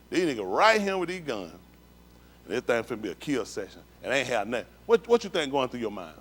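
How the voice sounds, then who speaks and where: A man's voice: mid-range voice, sing-song, quick pace. A man giving an emphatic personal testimony to a congregation during a synagogue livestream, repeating himself and talking plainly in street slang. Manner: emphatic, repetitive, street-talk storytelling.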